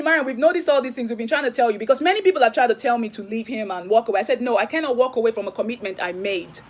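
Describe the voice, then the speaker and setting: Fast-talking high-voiced young woman vlogger. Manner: emphatic, repeats herself, acts out quoted dialogue. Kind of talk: emotional personal storytelling.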